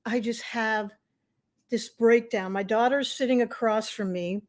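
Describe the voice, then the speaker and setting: A middle-aged woman hosting a live stream, telling a personal story in a chatty, animated way and acting out what people said. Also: unhurried. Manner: chatty, animated, acts out quotes in high wailing voices. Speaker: host.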